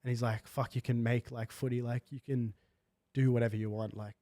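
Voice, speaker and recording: A man's voice: mid-range voice, little pitch movement, brisk, warm tone, no echo. A young man telling a personal story in a casual, slangy podcast chat full of fillers. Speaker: guest. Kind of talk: candid podcast conversation.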